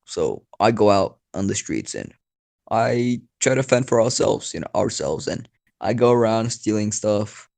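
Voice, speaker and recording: A man's voice: fairly low pitch, very animated, a little slow, vocal fry, darkish tone. Rambling young man telling a story. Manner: rambling, swears casually, many fillers. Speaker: channel host. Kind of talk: improvised storytelling chat.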